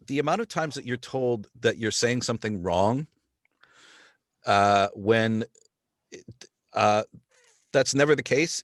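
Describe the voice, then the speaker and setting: A man's voice: lowish voice, no room sound, clean studio sound. A man hosting a podcast, talking in a rambling way with many restarts. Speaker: podcast host. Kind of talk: casual podcast chat.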